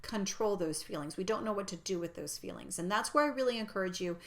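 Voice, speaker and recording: Woman, personal growth teacher; calm, reassuring teaching talk, at times hushed almost to a whisper. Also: mid-range voice, quick pace. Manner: gentle, reassuring, drops into soft near-whispers.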